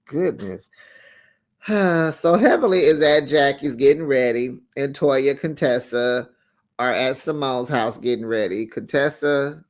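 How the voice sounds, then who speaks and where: Speaking slowly at a medium pitch, the man runs a reality TV recap channel and talks through the show in a casual way. He's sassy and talkative, laughing a lot as he goes.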